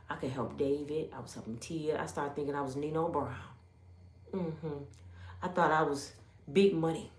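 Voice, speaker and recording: A woman in her fifties telling her life story as a testimony, acting out the voices of others and swinging from loud exclamations to hushed asides. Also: deep voice, moderate pace. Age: 50s. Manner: animated, acts out others' voices in quotes. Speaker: YouTube storyteller. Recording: roomy echo.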